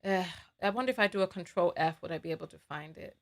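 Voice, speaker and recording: A woman's voice: lowish voice, fast talker. Fired-up woman hosting a live stream. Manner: heated, indignant, repeats herself. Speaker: livestream host.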